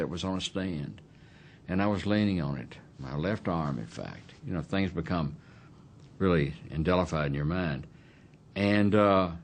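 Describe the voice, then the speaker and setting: A man, telling his memories bluntly and emphatically in a documentary interview. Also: sits low.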